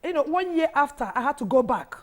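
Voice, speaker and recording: A woman in her fifties with a Nigerian English accent and a hoarse voice, telling her personal story haltingly as a guest on a TV panel. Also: high voice, animated, a little mellow. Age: 50s. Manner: halting, restarts and repeats as she recalls. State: hoarse, has lost her voice. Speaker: guest, widows' foundation founder.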